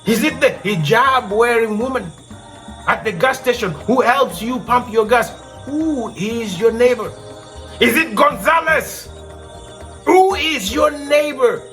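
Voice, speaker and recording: A man's voice: extremely high pitch, slow, a bit bright, faint music behind. A man from Kenya hosting a storytelling show, telling a moral tale and pressing his point with repeated rhetorical questions.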